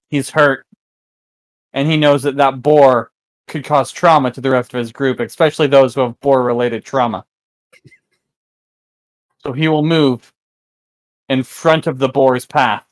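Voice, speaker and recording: A man's voice: mid-range voice, fairly even intonation, a little slow, long pauses, no echo. A man playing a tabletop game, describing his character's actions in third person with a playful tone. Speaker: player.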